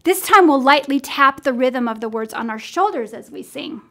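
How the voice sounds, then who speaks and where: A woman's voice: high voice, expressive, moderate pace, a bit bright. A woman music teacher demonstrating simple rhythm lessons for classroom teachers, counting in and singing along patiently.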